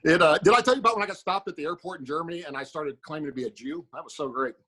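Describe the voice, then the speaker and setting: Fast-talking husky man telling a story. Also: fairly high pitch, sharp tone. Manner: rapid, rambling anecdote with acted quotes. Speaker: podcast co-host. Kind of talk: storytelling on a comedy podcast.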